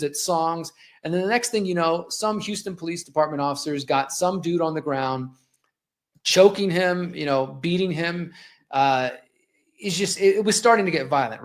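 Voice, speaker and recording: A man in his forties hosting a live show with a slightly higher voice. He tells a personal story in an impassioned, conversational way. He talks viewers through video clips as he goes. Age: 40s. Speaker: host.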